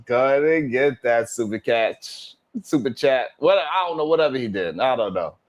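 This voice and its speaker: A man's voice: medium pitch, lively intonation, moderate pace. A man hosting a casual livestream, chatting and reacting to viewers with laughs, sighs and slang. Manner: laid-back, laughing, sighing, drawling slang. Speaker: livestream host. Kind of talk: casual livestream chat reading super chats.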